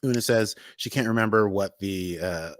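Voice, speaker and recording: Low-voiced American man recapping casually. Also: measured pace, no echo, studio quality. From United States. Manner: rambling, animated retelling with sound effects. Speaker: podcast host.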